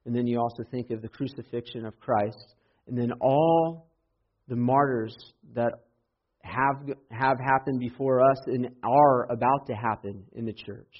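A man preaching a Sunday sermon as pastor, building to loud, impassioned emphasis when he quotes scripture. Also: mid-range voice, steady tone, a little slow. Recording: dull lo-fi sermon audio.

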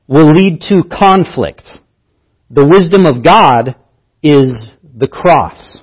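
Earnest preacher, husky, muffled audio. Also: male voice, fairly high pitch, animated, slow pace. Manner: earnest teaching, repeating key phrases for emphasis. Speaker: pastor. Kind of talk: sermon.

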